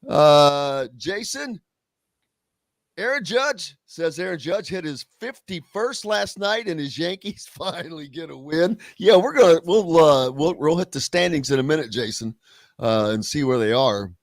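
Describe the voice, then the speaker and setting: A man hosting sports talk radio, his voice lively and swinging up and down in pitch as he chats. He sits a little high for a man and sounds dry and close, with no room around him. He reads listener comments in a loose, easygoing way. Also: a little slow, no room sound. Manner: chatty and animated, reads listener comments aloud.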